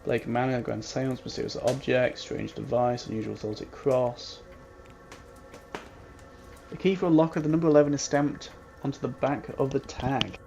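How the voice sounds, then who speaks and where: A man's voice: mid-range voice, steady tone, normal speed, gravelly, a little mellow, faint music behind. A man doing let's-play commentary on a mystery game, playful, reading the on-screen text aloud and humming little jingles. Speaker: gamer playing a mystery game. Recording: dull lo-fi with faint hiss.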